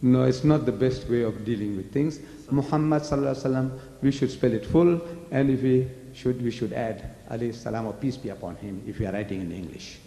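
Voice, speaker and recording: A man's voice: mid-range voice, a little fast, hardly any pauses, dark tone. An older man from South Africa giving a public lecture, firing emphatic rhetorical questions at the audience, recorded in a large lecture hall. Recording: echoey hall.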